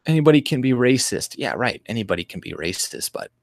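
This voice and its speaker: Low-voiced man ranting on a stream. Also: very animated, fairly quick, vocal fry, no room sound, studio quality. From Canada. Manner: rambling, profane, with frequent restarts and mocking mimicry. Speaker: livestream host. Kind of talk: casual political livestream rant. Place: home room.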